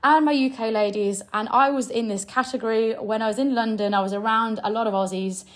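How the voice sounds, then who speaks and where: A woman's voice: a little high, fairly even intonation, fairly quick. A young woman giving blunt, emphatic coaching advice straight to her audience. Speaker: sales coach. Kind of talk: direct coaching talk to camera.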